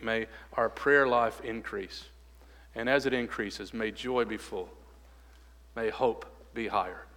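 A man preaches from the pulpit of a church sanctuary, his voice at an ordinary middle pitch. He builds to loud, urgent exhortation, then sinks low and quiet when he turns to prayer. Long reverb from the hall trails each phrase. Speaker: pastor. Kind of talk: sermon with closing prayer.

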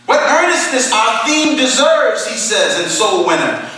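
A man preaching a sermon, moving between quiet, low explanation and loud, impassioned exhortation. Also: sing-song, measured pace. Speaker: pastor. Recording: echoey hall, mic at a distance.

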